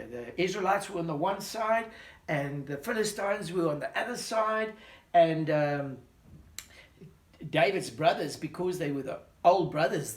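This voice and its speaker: A man telling a Bible story to children, animated and full of questions for his listener. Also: sits high. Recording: roomy echo.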